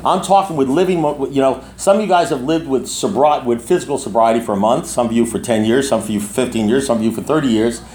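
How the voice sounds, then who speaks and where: A man's voice: mid-range voice, fast talker, hardly any pauses, darkish tone, reverberant. A man in his sixties speaking to a recovery group, telling a long personal story in a rambling way with many restarts and asides. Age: 60s.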